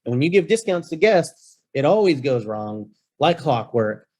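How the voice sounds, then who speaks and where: A man of Mexican heritage, a rental-business guest on a podcast, telling a story in a playful, animated way with acted-out quotes. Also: fairly high pitch, normal speed. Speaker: guest, short-term rental host. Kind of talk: casual storytelling.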